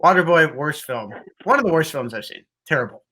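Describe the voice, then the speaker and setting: A man's voice: fairly high pitch, sing-song, a little fast, pushed and bright. A young man hosting a casual sports talk show, rambling and hedging with lots of restarts.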